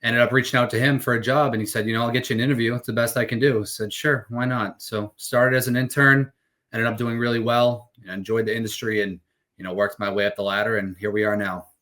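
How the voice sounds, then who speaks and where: A young man from the area, a podcast guest talking casually in a relaxed, laid-back way. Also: medium pitch, fast talker. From Boston area, USA. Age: young adult. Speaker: podcast guest, insurance agent. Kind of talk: casual interview talk.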